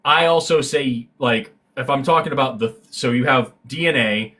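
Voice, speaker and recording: A man chatting as a guest on a science livestream, telling stories in an animated way, swearing freely and breaking into loud exclamations. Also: medium pitch, moderate pace. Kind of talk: casual livestream chat. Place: livestream, recorded remotely.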